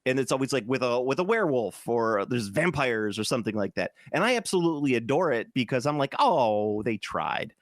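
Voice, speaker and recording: Forties male co-host, casual and jokey, loose rambling delivery, dry close mic, mid pitch. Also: expressive, fast, hardly any pauses, no echo. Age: 40s. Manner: rambling, jokey, laughs often. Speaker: podcast co-host. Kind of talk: casual chat.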